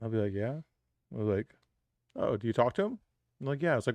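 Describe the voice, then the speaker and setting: Joking, storytelling man, lively pitch. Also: moderate pace, vocal fry, pauses often, dry recording. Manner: joking storyteller, swears freely, laughs often. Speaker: podcast co-host. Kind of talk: casual live-stream banter.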